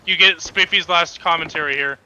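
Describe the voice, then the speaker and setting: A man's voice: on the high side, fairly even intonation, a little fast, pushed and bright, low-quality recording. A man in casual gaming chat, dry and matter-of-fact. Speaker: gamer. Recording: background noise.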